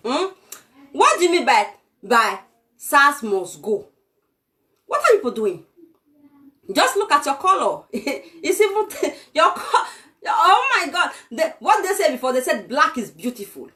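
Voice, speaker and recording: Woman playing a haughty Nigerian ranter for a comedy skit, high and bright, mocking and contemptuous. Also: heavily acted. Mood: boastful. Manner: mocking, scornful ranting with laughs. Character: arrogant self-styled "lady of truth" woman, contemptuous. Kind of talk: comic impression skit.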